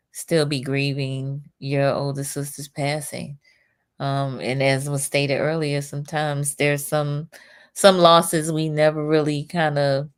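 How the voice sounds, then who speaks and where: A middle-aged woman hosting a talk show, reading out viewer comments and responding with empathy. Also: sits low. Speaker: host. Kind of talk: casual talk show conversation.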